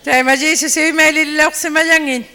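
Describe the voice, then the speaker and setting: Sermon interpreter, high pitch, bright tone, phrase by phrase, echoes the preacher's acting, long reverb. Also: fairly even intonation, quick pace. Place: church hall. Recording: echoey hall. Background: long hall reverb.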